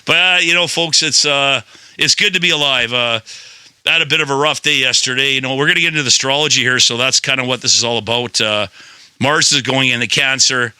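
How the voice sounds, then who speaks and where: A man's voice: mid-range voice, fairly quick, sharp tone, clear, resonant tone, dry recording. A man hosting a podcast in rambling, playful, swearing casual chat. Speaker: podcast host.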